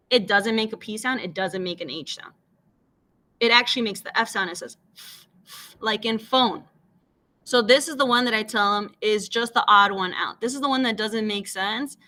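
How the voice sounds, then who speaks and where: Moving between Spanish and English, a teacher patiently walks her class through phonics, modeling every letter sound. Her fairly high voice comes across pushed and bright.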